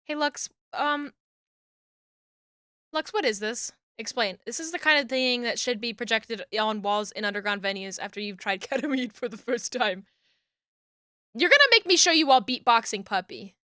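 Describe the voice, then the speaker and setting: A young woman on a live stream talks casually and excitably, laughing often and trailing through fillers. Her voice sits a little high, with a bright, smooth, crisp tone, and the sound is dry and close. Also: brisk, no room sound. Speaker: streamer rigging an animated model.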